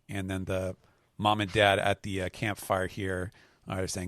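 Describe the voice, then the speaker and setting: Podcast host, male, lowish dry voice, casual recap, plays the quotes up. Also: normal speed, no echo. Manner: reads quoted lines with animated voices.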